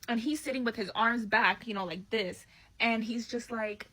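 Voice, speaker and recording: Bright-voiced woman telling a date story. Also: on the high side, normal speed, poor audio. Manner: blunt, profane, animated retelling. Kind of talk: casual storytelling about a bad date.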